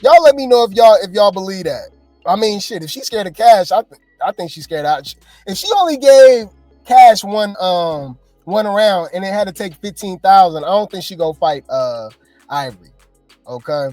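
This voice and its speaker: A woman in a mid-range voice gives casual, slangy gossip commentary and talks straight to her viewers as y'all. The mic is close and dry, with soft music underneath. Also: medium pitch, lively intonation, normal speed, no echo.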